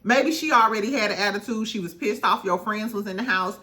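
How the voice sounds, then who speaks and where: A woman's voice: mid-range voice, fairly quick, sharp tone. A woman recapping a reality show in casual chat, candid and swearing freely, laughing often.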